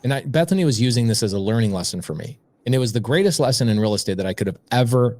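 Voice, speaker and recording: Dry-voiced man telling a lively anecdote. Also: medium pitch, rapid-fire, no echo. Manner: lively anecdote-telling, acts out quoted dialogue; conversational, frequent "like" and "I go". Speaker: podcast guest. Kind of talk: casual storytelling.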